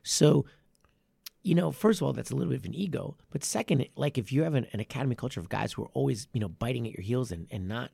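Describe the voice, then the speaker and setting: Male martial arts coach, chatty podcast guest, gravelly, lively, dry close mic. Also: mid-range voice, fast, dry recording. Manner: animated, with many restarts and stressed phrases. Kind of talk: casual podcast conversation.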